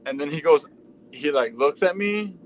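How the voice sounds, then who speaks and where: A man's voice: fairly high pitch, lively intonation, moderate pace, slight background noise, low-quality recording. Man telling a casual, profane story. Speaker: livestream host. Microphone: streaming mic.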